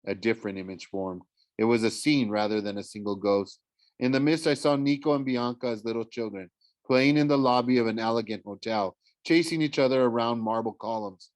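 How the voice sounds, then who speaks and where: A man's voice: mid-range voice, brisk, dry recording. A man, a teacher, reading a book chapter aloud in a plain voice, often stumbling and correcting himself. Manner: plain reading with frequent slips and self-corrections. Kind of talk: audiobook chapter read-aloud.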